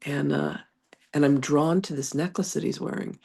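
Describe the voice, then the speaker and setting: Her voice is low and gravelly with a slight roughness, delivered at a normal speed through congestion. Working as a reverend and psychic medium, she swaps casual, animated stories full of laughter and then reads out a channeled spiritual lesson.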